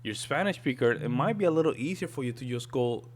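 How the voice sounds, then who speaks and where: A man's voice: mid-range voice, animated, quick pace. Guy doing a reaction vid, rambly and casual, mid voice. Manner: thinking aloud, restarts and fillers, chatty asides. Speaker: reaction video host.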